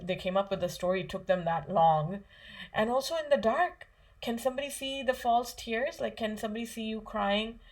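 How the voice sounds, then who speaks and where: A woman teaches a lesson to children in a friendly, conversational way. She keeps asking them questions and fills her speech with "like" and "you know.". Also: mid-range voice. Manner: asks kids questions, conversational, many fillers. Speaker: Islamic studies teacher for children.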